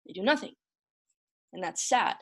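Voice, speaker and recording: A woman's voice: medium pitch, animated, moderate pace. A woman hosting a casual motivational talk, emphatic and emotional, often repeating herself and calling her listeners y'all. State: emotional, close to tears. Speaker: motivational host.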